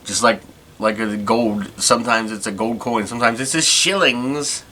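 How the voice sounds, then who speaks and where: A man's voice: mid-range voice, normal speed, sharp tone, a little hiss or hum. A man hosting a podcast, chatting casually and rambling as he goes. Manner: rambling, many restarts. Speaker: podcast host. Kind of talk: casual chat.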